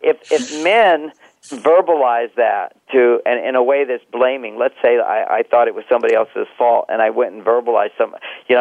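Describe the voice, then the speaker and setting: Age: middle-aged. Sex: man. Role: relationship counselor. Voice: gravelly. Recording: tinny phone line. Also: mid-range voice, normal speed, no room sound. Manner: reflective, talks himself through examples, chuckles often. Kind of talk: conversational advice in an interview.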